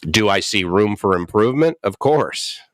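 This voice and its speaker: A man's voice: lowish voice, animated, normal speed, no echo, studio quality. A man in his fifties in recovery, telling his story candidly and animatedly, often chuckling and acting out quotes. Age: 50s. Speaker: guest speaker in recovery. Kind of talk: candid personal talk.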